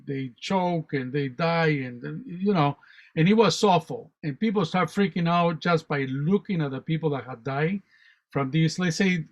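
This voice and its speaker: A man, a guest on a spiritual talk show, telling stories in an animated, rambling way and often repeating words. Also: a little high. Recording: dull lo-fi online radio audio.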